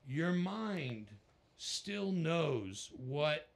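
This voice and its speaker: An American man, a rock musician, telling stories in a casual interview, animated and breaking into laughter and voices. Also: extremely slow, gravelly. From United States. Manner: animated, jumps into high-pitched voices and laughs. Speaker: musician guest.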